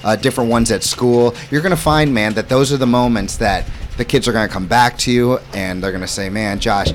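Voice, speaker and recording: A man's voice: mid-range voice, a little fast, slight background noise. Laid-back man hosting a camp podcast. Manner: laid-back, encouraging, laughs often. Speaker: podcast host, camp staff. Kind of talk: casual interview chat.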